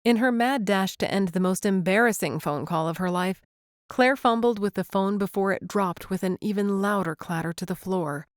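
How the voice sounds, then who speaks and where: A woman reading a romantic comedy audiobook in gentle, even narration. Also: mid-range voice, normal speed, no room sound, clean studio sound. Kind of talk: scripted narration.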